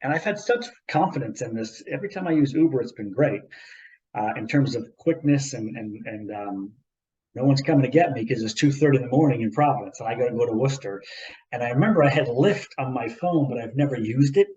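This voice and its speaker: A man co-hosting a podcast, telling a long anecdote in a rambling, animated way with repeats and asides. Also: medium pitch, fairly quick, muffled recording. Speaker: podcast co-host. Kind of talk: casual storytelling chat.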